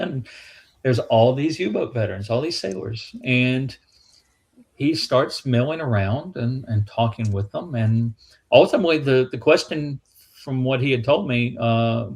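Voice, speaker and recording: A man's voice: medium pitch, breathy edge. Southern man telling rambling history anecdotes. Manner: rambling anecdotal, with restarts and acted quotes. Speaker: museum staff guest. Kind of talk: casual storytelling chat.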